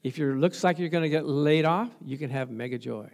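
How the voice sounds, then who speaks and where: Talking a little fast in a slightly high voice, this pastor keeps his sermon conversational. He throws rhetorical questions at the congregation and brings short anecdotes to life by playing out past conversations.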